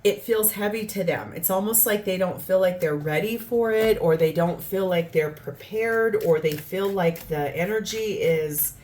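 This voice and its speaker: A woman's voice: on the low side, moderate pace, hardly any pauses, darkish tone, a little hiss or hum. Woman doing a rambling tarot reading. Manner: earnest, rambling, acts out quoted lines. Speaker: tarot reader.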